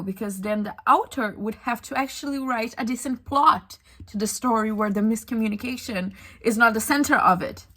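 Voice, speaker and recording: Young female book vlogger, higher voice, slow and drawn-out, fed-up, sighing and swearing through her reactions. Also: bright, forceful tone. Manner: exasperated, ranting with frequent sighs and swearing. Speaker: book reviewer. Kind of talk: casual book-reading reaction vlog.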